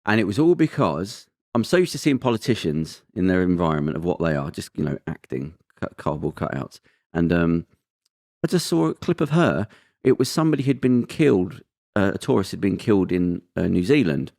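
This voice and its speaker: Deep-voiced man chatting on a podcast. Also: brisk, creaky, dry recording, clean studio sound. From Britain. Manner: rambling, emphatic, animated storytelling. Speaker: podcast host. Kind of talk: casual chat.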